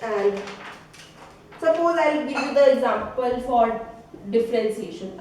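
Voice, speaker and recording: A woman's voice: on the high side, a little mellow. A woman teacher with an Indian English accent, giving a classroom grammar lesson and checking in with a questioning "right?" at the end of her points. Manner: slow, explanatory, ends phrases with a questioning "right?". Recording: echoey room, voice from a distance, faint hiss.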